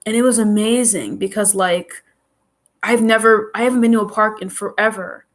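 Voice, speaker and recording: A woman rambles through a casual live stream, her voice stuffy from a runny nose. She talks loosely and keeps restarting her thoughts, circling back with filler words. Her pitch sits mid-range for a woman. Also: fairly even intonation, normal speed. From New York. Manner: chatty, rambling, restarts sentences often.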